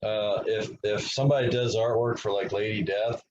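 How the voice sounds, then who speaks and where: A man co-hosting a podcast over a video call, chatting casually in a relaxed, matter-of-fact way. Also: fairly low pitch, moderate pace, slight background noise. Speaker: podcast co-host. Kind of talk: casual chat. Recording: muffled video call audio.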